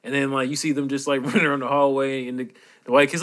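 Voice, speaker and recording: A young man co-hosting a casual podcast. He is excitable and laughs often while retelling funny videos. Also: medium pitch, quick pace. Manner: excitable, laughing, acts out shouted quotes. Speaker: podcast co-host. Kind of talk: casual chat.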